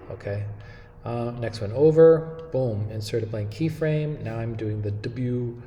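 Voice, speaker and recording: Mellow-voiced man explaining a tutorial. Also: medium pitch, measured pace, reverberant, in a large hall, a little hiss or hum. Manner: relaxed step-by-step explaining with frequent "okay?" checks. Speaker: animation instructor. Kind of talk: screen-recorded software tutorial.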